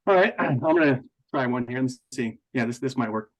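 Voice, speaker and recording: A man's voice: medium pitch, lively intonation, brisk, poor audio. A man co-hosting a podcast, bantering in a playful, easygoing way. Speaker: podcast co-host. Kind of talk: casual podcast chat.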